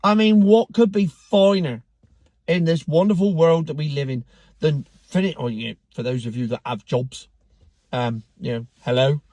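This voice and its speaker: A man's voice: medium pitch, steady tone, moderate pace, warm tone, no room sound, dull audio. A man giving a sardonic, mocking rant in casual commentary, with the odd swear word. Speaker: car vlogger.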